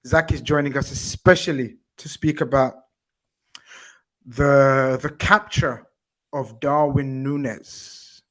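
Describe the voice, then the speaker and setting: A man's voice: medium pitch, steady tone, slow, fairly bright tone. A man hosting a casual football chat show, chatty and teasing his guests. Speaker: podcast host.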